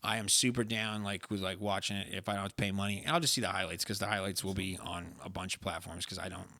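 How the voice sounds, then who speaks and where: Young male co-host, low dry voice, blunt and exasperated. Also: flat delivery, fast talker, gravelly, sharp tone, no echo. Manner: blunt, exasperated, swears freely. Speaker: podcast co-host. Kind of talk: casual chat.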